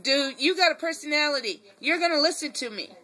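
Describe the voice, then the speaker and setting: A woman's voice: high-pitched, expressive, a little fast, pushed and bright. A woman filming at home, mock-scolding and teasing her little dog with frequent laughter. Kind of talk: casual home video talking to a dog.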